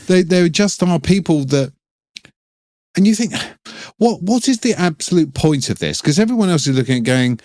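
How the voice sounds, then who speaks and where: A middle-aged English man co-hosting a casual podcast, sardonic and laughing often, with sudden jumps in pitch for emphasis. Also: expressive, moderate pace, darkish tone, no room sound, studio quality. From England. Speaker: podcast co-host.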